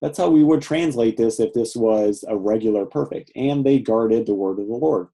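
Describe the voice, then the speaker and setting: A man's voice: mid-range voice, normal speed, creaky, dark tone, rough recording. A middle-aged man teaching Hebrew grammar in a lecture, explaining patiently and checking in with "right?" often.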